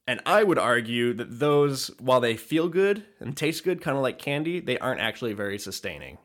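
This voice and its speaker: A man's voice: mid-range voice, a bit bright. A man co-hosting a podcast, chatting casually with dry teasing humor and explaining his work at length. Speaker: podcast co-host. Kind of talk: casual chat.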